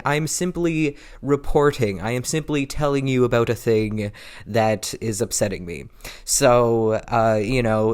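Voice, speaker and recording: A vlogger with a smooth, mid-range voice rambles through a casual home vlog, self-deprecating, repeating himself and a little out of breath. His camera's built-in mic picks him up from a low angle.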